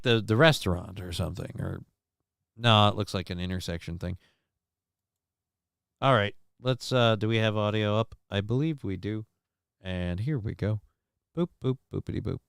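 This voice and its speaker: A man's voice: on the low side, expressive, moderate pace, vocal fry, long pauses, a bit bright, clean tone, dry recording, clean studio sound. A man hosting a casual live stream, reacting to news clips with rambling, sarcastic asides. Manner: rambling, sarcastic, mock voices for people in clips. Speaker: show host.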